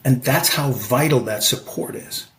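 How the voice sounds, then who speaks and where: A man's voice: mid-range voice, a little slow, a bit bright, a little hiss or hum, poor audio. A man in his fifties, a podcast guest and amateur fighter, telling stories in a passionate, emphatic way and often tagging "right?". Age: 50s. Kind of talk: conversational storytelling.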